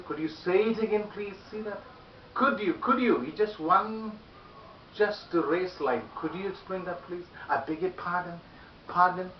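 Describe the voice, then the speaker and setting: Man, english phrases teacher, raised voice, animated, echoey room, distant hissy dull recording. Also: a little high. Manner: animated, repeats example phrases loudly and often. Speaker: English communication skills teacher. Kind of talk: spoken English lesson.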